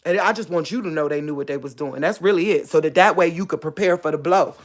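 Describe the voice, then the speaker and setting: This fast-talking online preacher addresses the camera in a casual, sermon-like way. When she wants emphasis, her voice climbs high and forceful; elsewhere it falls to a gentle, emotional murmur. She keeps coming back to the phrases "real talk" and "you get what I'm saying."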